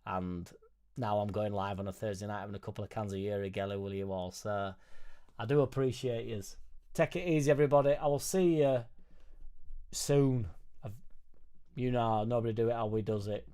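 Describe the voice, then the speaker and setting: A man's voice: on the low side, moderate pace, long pauses, dark tone, clear, resonant tone. A man with a Yorkshire accent hosting a casual late-night livestream from his small home music studio, rambling cheekily and swearing freely. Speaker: football fan channel host.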